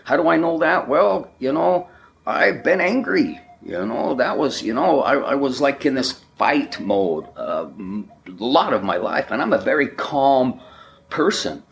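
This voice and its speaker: A man giving a spiritual talk, speaking slowly and emphatically, with repeated affirmations. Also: mid-range voice, big pitch swings, vocal fry, a little hiss or hum. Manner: slow, emphatic, repetitive affirmations.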